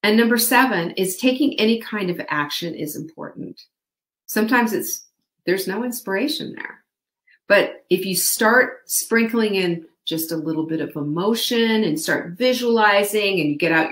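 A woman's voice: mid-range voice, reverberant. Upbeat woman host coaching her viewers. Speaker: host of a live online show. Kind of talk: motivational live-stream talk.

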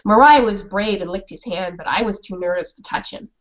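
A woman's voice: mid-range voice, fairly quick, dull audio. A woman children's author reading her story and asking a class questions, heard over a video call.

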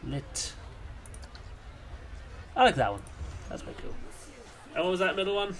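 A young man casually commenting on his own gameplay, rambling and chatty, with sudden silly shouts. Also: high-pitched, big pitch swings, measured pace. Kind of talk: casual let's-play commentary.

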